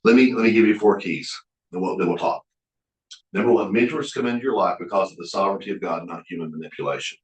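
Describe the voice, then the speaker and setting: A fast-talking middle-aged man from Oklahoma, deep-voiced and folksy, gives a sermon-like leadership lecture full of stories as a guest speaker at a Bible college. The high frequencies are cut off, and his low voice echoes around the room. He's earnest, restarting often as he plays out quoted conversations.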